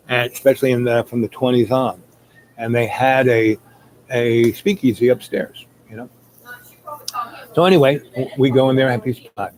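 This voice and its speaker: A man's voice: mid-range voice, darkish tone, poor audio. A man telling a long rambling story, full of fillers, who acts out the people he quotes. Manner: meandering, many fillers, acts out quoted voices.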